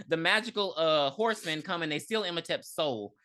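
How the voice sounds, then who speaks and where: Bright-voiced woman recapping with gusto. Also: sits low, moderate pace, slight background noise. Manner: animated, laughing, slangy, acts out characters' lines. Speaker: podcast co-host. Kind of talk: casual recap chat.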